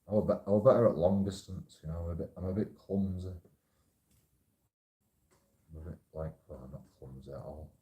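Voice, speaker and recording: A man's voice: low-pitched, moderate pace, long pauses, mellow, roomy sound. A man hosting his own channel, talking in a casual, rambling monologue that repeats phrases, restarts and swears freely. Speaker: channel host.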